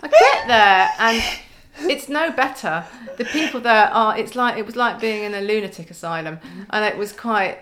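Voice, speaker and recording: Woman, middle-aged, podcast guest, casual storytelling, wry humour, laughs often, mid-pitched voice. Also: normal speed, few pauses, fairly bright tone, slight background noise.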